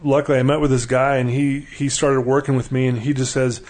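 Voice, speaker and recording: A man's voice: mid-range voice, flat delivery, a little fast, darkish tone. A middle-aged man telling his life story in a casual conversation, earnestly acting out the dialogue he quotes. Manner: earnest, acts out quoted dialogue with laughing asides.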